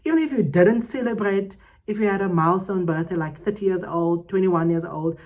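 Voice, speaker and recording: A woman hosting her own podcast, giving heartfelt, emphatic motivational talk that swings between loud and soft. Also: on the low side, a little fast. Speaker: podcast host.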